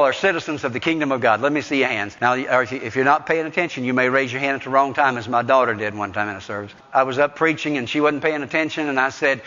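A man preaching a sermon as pastor at a church service, building to rising, insistent peaks and dropping into quick asides. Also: mid-range voice, bright, forceful tone, big-room sound, dull audio.

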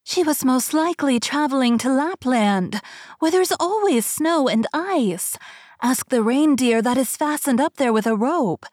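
A woman voicing a small caged wood pigeon in a storybook, with a high, slow, cooing sing-song delivery. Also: animated, a little mellow, no echo, clean studio sound. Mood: eerie.

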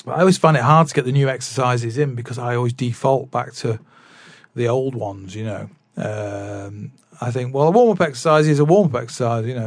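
A man's voice: mid-range voice, no echo. A man chatting casually about drum practice, rambling with many fillers and restarts. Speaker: drummer vlogger. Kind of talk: casual chat.

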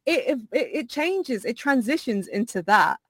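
A woman's voice: fairly high pitch, expressive, normal speed, no room sound. A woman with a Southeast London accent, a podcast guest telling stories in casual chat, with frequent restarts and some swearing.

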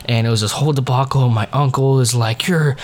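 A man's voice: mid-range voice, steady tone, fast talker, a little mellow. A teenage boy telling family stories in a casual, rambling monologue full of fillers and digressions. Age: teens. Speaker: diarist.

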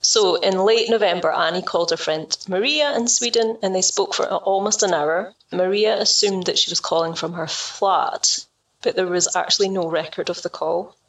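Woman with a gravelly lowish voice walking through a case on a podcast, a bit off mic. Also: moderate pace, distant mic, poor audio. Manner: relaxed, conversational retelling. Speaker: podcast co-host telling the case. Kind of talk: casual storytelling chat.

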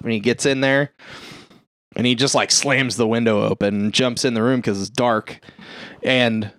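A man retelling a film plot in loose, profane chat on a podcast. His pitch sits in an ordinary middle range and he rambles with jokes and fillers. The sound is dry and close. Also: steady tone, moderate pace, a bit bright, no room sound. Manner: rambling, profane, jokey storytelling. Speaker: podcast co-host. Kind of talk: casual movie recap chat.

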